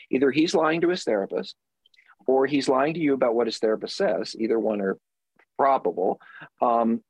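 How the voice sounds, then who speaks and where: Guy therapist going off with blunt advice, kinda husky, dry sound. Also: medium pitch, no room sound. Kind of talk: advice show talk.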